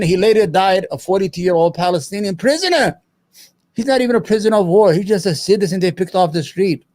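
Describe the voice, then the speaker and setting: A man's voice: sits high, expressive, fast talker, a little mellow. A man hosting his own show, giving angry, profane, emphatic political commentary. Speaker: show host.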